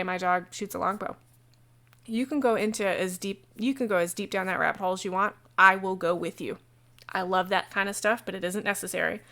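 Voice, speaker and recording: A woman's voice: mid-range voice, fairly bright tone. Chatty woman game master on stream. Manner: chatty and digressive, breaks into quick asides. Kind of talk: casual how-to talk on a livestream.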